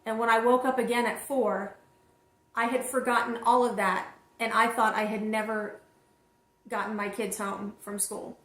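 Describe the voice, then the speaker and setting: A woman with a fairly high voice tells a story from her own life, speaking directly to her audience. Her delivery is animated and personal. The sound has a noticeable roomy echo. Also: moderate pace. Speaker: vlog host and single mother.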